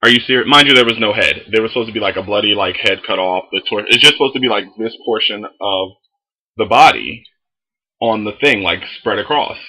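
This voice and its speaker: A young man telling a story in a casual vlog, animated and full of swearing. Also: on the low side, fairly quick, husky, poor audio. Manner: animated, heavy swearing, lots of fillers. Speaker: vlogger.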